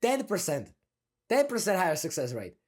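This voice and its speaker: Energetic young man coaching with lively pitch. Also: moderate pace, breathy edge. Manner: energetic, laughing, slangy, demonstrates a deep down-turned delivery. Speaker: confidence coach. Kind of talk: casual coaching monologue.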